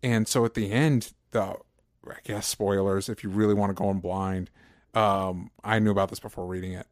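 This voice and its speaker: A man's voice: on the low side, steady tone, moderate pace, no room sound, studio quality. A man casually chatting about comics as a podcast co-host, rambling and enthusiastic with many fillers.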